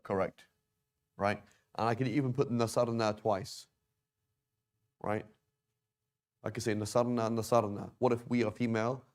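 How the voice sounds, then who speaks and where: A man's voice: fairly low pitch, fairly even intonation, normal speed, long pauses, darkish tone. A man teaching a grammar lesson at a whiteboard, explaining patiently and checking in often with "right?" and "okay?". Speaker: Arabic teacher. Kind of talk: classroom lesson on verb conjugation.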